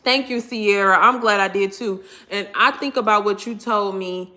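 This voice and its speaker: An animated, expressive woman, chatting casually with her viewers during a live stream. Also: mid-range voice, moderate pace.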